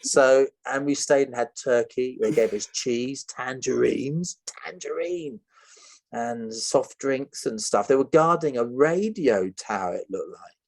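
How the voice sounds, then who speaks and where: A man, a podcast guest telling a story with lively energy, who acts out the voices of other people and often laughs. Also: mid-range voice, a little slow, vocal fry.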